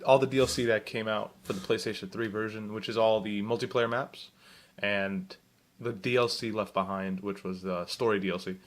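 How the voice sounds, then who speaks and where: A man's voice: fairly low pitch, a bit bright. Rambling young male gaming vlogger. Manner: chatty and rambling, self-correcting, asks viewers questions. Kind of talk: casual video game news vlog.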